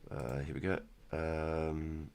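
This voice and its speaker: A man in his thirties casually chatting through a live game stream, relaxed and rambling, with keyboard clicks behind him. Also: extremely low pitch, takes it slowly, gravelly. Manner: relaxed, rambling, repeats words. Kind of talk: casual gameplay commentary.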